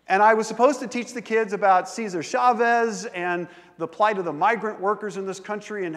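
A man delivers a sermon from the pulpit, talking easily and animatedly with his congregation. His voice sits high for a man. A long reverb trails his words through the large church sanctuary. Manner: conversational, animated preacher who involves the congregation. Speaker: pastor.

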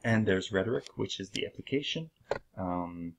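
Low, gravelly man with a French accent. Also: lively intonation, normal speed, noisy background. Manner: hesitant, many fillers, uneven pace. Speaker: channel host. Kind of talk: casual explanatory monologue.

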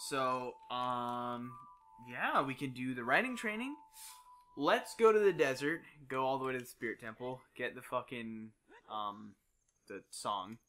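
A man's voice: medium pitch, unhurried, fairly bright tone, soft background music. A man hosting a let's play, planning the next steps aloud, joking and swearing casually. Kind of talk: casual gaming commentary.

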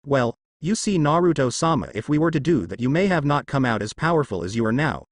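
A man voicing a shy young woman goddess who stutters, speaking gently and politely. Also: medium pitch, animated, brisk, no echo, studio quality, natural voice.

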